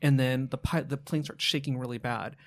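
A man in casual podcast chat, recounting his dreams in a rapid, animated way with frequent restarts and blunt swearing. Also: mid-range voice.

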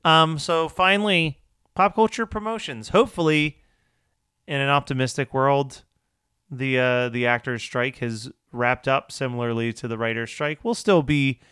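A man's voice: mid-range voice, steady tone, normal speed, a bit bright, clean tone, no room sound, clean studio sound. A man co-hosting a podcast, recapping a TV episode in casual, wry chat and laughing often.

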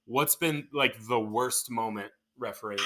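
Bright-voiced man co-hosting a podcast. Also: mid-range voice, a little slow, slight background noise. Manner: friendly, rambling questions with many fillers. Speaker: podcast co-host. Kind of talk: casual interview chat.

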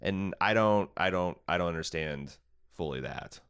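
Deep-voiced man recapping a TV show. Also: normal speed, a bit bright, smooth. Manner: rambling, paraphrases characters with many fillers. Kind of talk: casual TV recap discussion.

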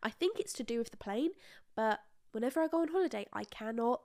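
A woman's voice: a little high, fast. A young woman from England with a nasally, blocked-up voice, chatting casually and animatedly as a podcast co-host. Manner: animated, swears freely, mock outrage. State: blocked nose from illness. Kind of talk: casual chat.

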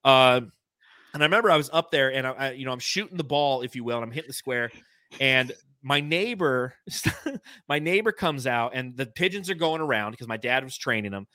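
Bright-voiced man telling rambling stories. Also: mid-range voice, lively intonation, fairly quick, dry recording. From California. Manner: rambling, self-mocking anecdotes with many fillers. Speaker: podcast host. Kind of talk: casual storytelling chat.

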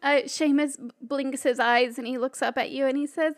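A woman running a tabletop role-playing game as game master, narrating in a casual, halting way with frequent restarts. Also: sits high, steady tone.

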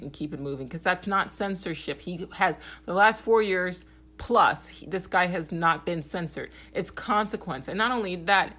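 A woman hosting a podcast, giving a blunt, profane political monologue and often checking in with "okay?". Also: sharp tone. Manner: grows heated and higher when agitated. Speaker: podcast host.

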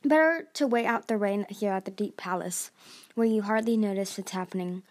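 A woman's voice: medium pitch, moderate pace, darkish tone, lightly acted. A woman reading aloud and voicing a proud, stubborn dragon queen who speaks in a commanding, dismissive way. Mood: imperious. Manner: imperious, dismissive.

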